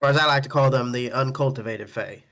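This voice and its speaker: A player at a tabletop game session talks in a casual way and laughs easily between turns. The voice sits at an ordinary middle pitch. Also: fast talker, fairly bright tone. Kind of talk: tabletop role-play.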